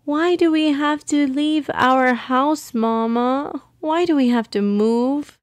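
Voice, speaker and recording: A woman's voice: on the high side, big pitch swings, a little slow, darkish tone, no echo, voice pushed up. Woman doing a pleading little girl. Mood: sad. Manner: pleading, childlike. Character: sad young girl facing a move. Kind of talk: storybook character voice.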